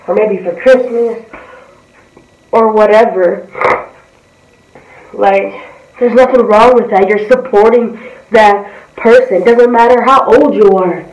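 A woman's voice: medium pitch, takes it slowly, long pauses, darkish tone, lo-fi sound. A woman giving a blunt, profane, heated reaction commentary as a vlogger. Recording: roomy, distant from the mic.

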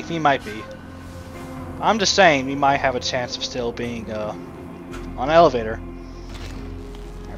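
Over game music, a let's play commentator speaks a little slowly in a mid-range voice, with long pauses. He rambles casually, talking to himself and making frequent asides to the game, and the audio sounds dull.

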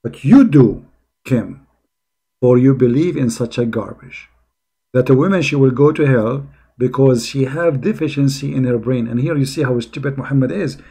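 A man giving critical commentary on a played video clip, mocking and sarcastic, halting with many fillers. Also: mid-range voice, gravelly, warm tone, husky. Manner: mocking and sarcastic, keeps calling the listener brother.

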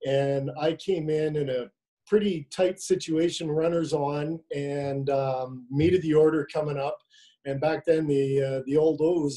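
Man recounting pitching stories. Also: warm tone, low-quality recording. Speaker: former pitcher, guest. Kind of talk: storytelling on a video call. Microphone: video call.

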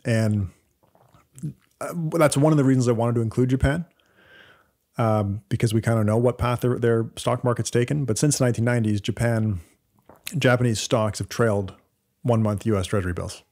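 On the podcast, the Canadian co-host explains data piece by piece, chatting casually with lots of fillers and false starts. He speaks a little fast at medium pitch, with a steady tone and a slightly mellow quality.

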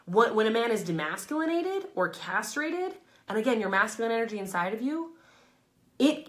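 A woman speaks to her live-stream viewers in a laid-back motivational talk, frank and emphatic, with plenty of swearing and laughter between phrases. Her volume keeps shifting, from loud, pushed statements down to soft, low asides.

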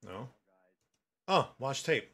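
Man, forties, gaming streamer: joking, swearing, very lively delivery. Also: mid-range voice, takes it slowly. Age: 40s. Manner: joking, loud and swearing, talks to characters on screen. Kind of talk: gameplay commentary.

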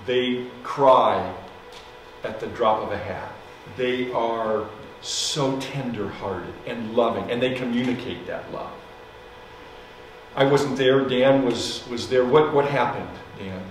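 A man preaching as pastor, telling a story in a loose, conversational way with fillers and soft laughs. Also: mid-range voice, takes it slowly, a little hiss or hum. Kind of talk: sermon storytelling. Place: church sanctuary. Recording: echoey hall, mic from a distance.

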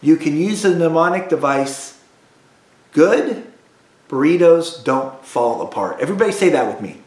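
A music teacher drilling students through call-and-response practice, patient and repetitive. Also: male voice, fairly high pitch, lively intonation, normal speed, a little mellow, roomy sound. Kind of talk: recorded music lesson for students.

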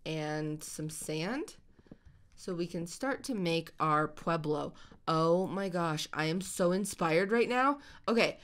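A woman hosting a video game let's-play, chatting excitably and squealing over the pets she finds. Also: lowish voice. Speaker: host.

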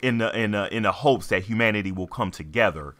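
In a casual podcast chat, a male co-host with a lowish, slightly bright voice talks fairly quickly. He rambles, leaning on many filler words and frequently restarting his sentences.

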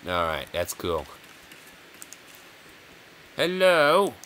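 Bright-voiced man rambling over a game. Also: on the low side, animated, normal speed, a little hiss or hum. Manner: rambling, jokey, chuckles often. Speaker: gaming video host. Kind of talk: casual let's-play commentary.

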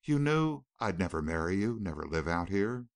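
A man voicing a distraught young wealthy city woman in an audiobook, pleading and breaking off in halting repeats. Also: low voice, sing-song.

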